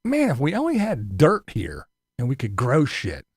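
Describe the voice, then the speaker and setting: A man's voice: mid-range voice, huge pitch swings, moderate pace, slightly rough, no room sound, studio quality. A man ranting profanely on a casual live stream, sarcastic and mocking. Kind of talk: casual livestream rant.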